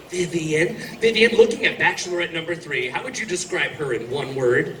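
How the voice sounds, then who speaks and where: A man's voice: a little high, fairly quick, hardly any pauses, slight background noise. A man hosting a live comedic game show, a brash, showy announcer working the crowd. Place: outdoor theme park street show. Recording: distant echoey outdoor live recording, loud music and crowd.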